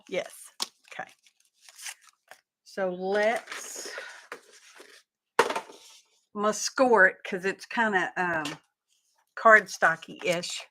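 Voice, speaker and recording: A woman's voice: on the low side, noisy background. A woman, chatting casually to viewers while she crafts on a live stream. She is self-deprecating and talks through each step as she works. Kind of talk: casual craft livestream chat.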